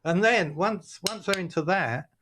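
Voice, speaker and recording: A man, a guest chatting on a video call, telling lively stories and acting out other people's voices. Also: high-pitched, measured pace, background noise. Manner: animated storytelling, acts out voices of others. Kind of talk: casual interview chat.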